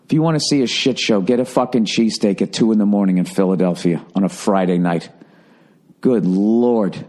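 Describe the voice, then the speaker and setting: A man's voice: normal speed, darkish tone. Boston-area guy riffing on his podcast, swears a lot, voice jumps way up when he gets worked up. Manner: profane, rambling, with sudden high-pitched bursts for emphasis. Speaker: podcast host. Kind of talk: casual storytelling monologue.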